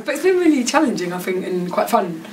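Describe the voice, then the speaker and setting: A woman's voice: medium pitch, very animated, fast talker, a little mellow. A woman from suburban London, chatting as a comedian guest in a casual, self-deprecating, giggly way. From London suburbs, England. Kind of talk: casual backstage interview. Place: backstage at a venue. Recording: distant mic with background noise.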